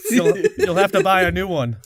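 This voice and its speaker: Lively high-voiced man laughing through chat. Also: unhurried, no echo. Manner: rambling, laughs often, swears freely; acts out quoted people in a louder, higher voice. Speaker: podcast co-host. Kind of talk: casual chat.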